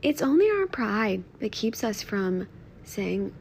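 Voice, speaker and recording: Soft-spoken woman with a gravelly edge. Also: medium pitch, big pitch swings, slow, a little hiss or hum. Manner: soft, earnest, often drops to a near-whisper. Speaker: podcast host. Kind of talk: reflective devotional talk. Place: at home.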